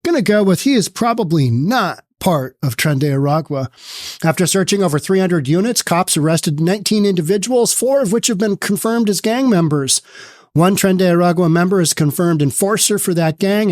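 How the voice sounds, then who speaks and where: A man's voice: high-pitched, expressive, moderate pace, darkish tone, no room sound, studio quality. A man hosting an opinionated news commentary show, reading news aloud and riffing on it with sarcasm. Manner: sarcastic, mocks with put-on quoted voices; reads news text aloud, then riffs on it.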